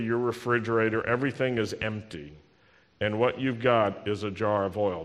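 A man preaching a sermon, teaching slowly and deliberately from a Bible passage and having the congregation repeat lines after him. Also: on the low side, steady tone, big-room sound. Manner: slow, deliberate Bible teaching with call-and-response.

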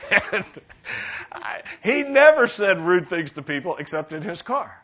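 A male pastor preaches a sermon, stopping often to put questions to his congregation. His voice is bright and forward. The recording sounds dull and lo-fi. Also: sits high, very animated, slow, breathy edge.

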